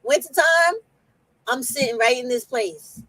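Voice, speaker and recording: Blunt New York woman, high and dry. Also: a little slow, fairly bright tone, no room sound, rough recording. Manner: blunt, outspoken, swears freely. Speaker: host. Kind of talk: casual chat.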